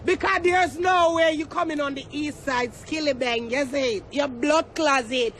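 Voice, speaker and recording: Shrill Jamaican man ranting. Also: measured pace, few pauses, slight background noise. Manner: shouting, cursing, taunting. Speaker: social media personality. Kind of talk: heated rant to camera.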